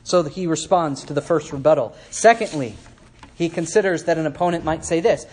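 A man's voice: a little high, brisk, darkish tone. A man preaching a sermon in a church, teaching through a Bible passage. He speaks conversationally, asks the listeners questions, adds asides and acts out quoted speakers.

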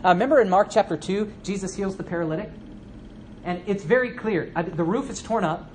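Preaching in a church, a man works through a Bible passage conversationally, questioning his listeners, dropping in asides, and acting out the people he quotes. He has a high voice and speaks fairly quickly, with slight background noise.

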